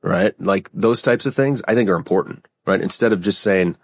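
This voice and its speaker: A man speaking as a podcast guest in a very deep voice, casual and easygoing, often tagging his points with "right?". The sound is dry and close to the mic. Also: brisk, no room sound. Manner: casual, frequent "right?" and "like" fillers. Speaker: podcast guest, company founder. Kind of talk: conversational interview.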